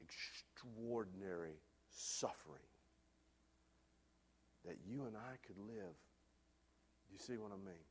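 A man preaching a sermon, telling a lively personal story before turning to a quieter, earnest point. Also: lowish voice, slow pace, pauses often, husky. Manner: animated storyteller, loud hollering peaks. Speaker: pastor.

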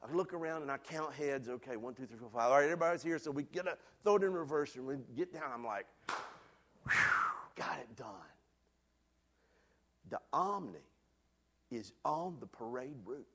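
A man preaching a sermon, telling a lively personal story before turning to a quieter, earnest point. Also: mid-range voice, a little fast. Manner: animated storyteller, loud hollering peaks. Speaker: pastor.

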